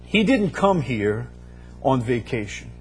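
A man's voice: mid-range voice, big pitch swings, slow pace, a little mellow, faint music behind. A man preaching a sermon, building emphasis through repeated phrases and rising bursts. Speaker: pastor.

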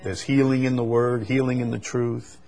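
A man's voice: medium pitch, flat delivery, moderate pace, creaky, darkish tone. A man preaching a sermon, quoting scripture with emphatic rises and stammering repeats.

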